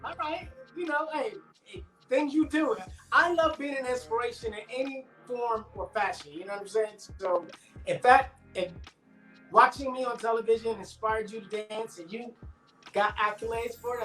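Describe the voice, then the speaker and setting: A middle-aged man talks as a guest in a relaxed, chatty interview. He acts out the dialogue of the people in his stories with plenty of energy. His voice rings in an echoey room over a video call, with faint music underneath. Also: extremely high pitch, moderate pace. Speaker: actor guest. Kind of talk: casual interview storytelling.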